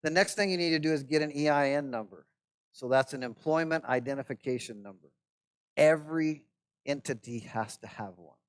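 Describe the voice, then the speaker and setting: Conversational pastor teaching a class. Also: male voice, fairly high pitch, brisk, clean tone. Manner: conversational, checks in with "right?". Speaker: pastor teaching church administration. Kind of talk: classroom lecture.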